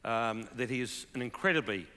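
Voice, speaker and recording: A man's voice: medium pitch, fairly quick, pushed and bright, clean tone. A man hosting an onstage conversation, chatty and upbeat with fillers. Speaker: interviewer. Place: large hall with live audience. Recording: reverberant large hall.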